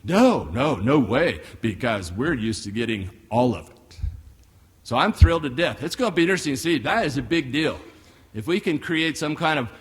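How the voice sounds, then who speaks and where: Middle-aged American male speaker, blunt and folksy, lively rhetorical delivery, echoing hall. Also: a little high. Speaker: guest speaker, economist. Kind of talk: keynote forecast speech. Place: large hall with long reverb. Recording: live hall recording with reverb.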